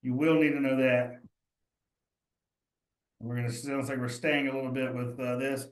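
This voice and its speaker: A man's voice: medium pitch, little pitch movement, normal speed. Male instructor, chatty and encouraging, mid-range voice, roomy echo. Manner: chatty, addresses students directly, thinks aloud. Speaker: cheese instructor. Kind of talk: live online study session.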